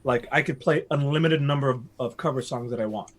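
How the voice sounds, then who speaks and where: A man's voice: mid-range voice, quick pace. A man chatting casually and rambling as game master of a tabletop game, then recapping the story. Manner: rambling, joking.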